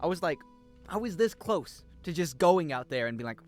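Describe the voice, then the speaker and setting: A man's voice: on the high side, very animated, moderate pace, a little mellow, soft background music. A young man, chatting casually on a gaming stream, joking, swearing freely and rambling. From United States.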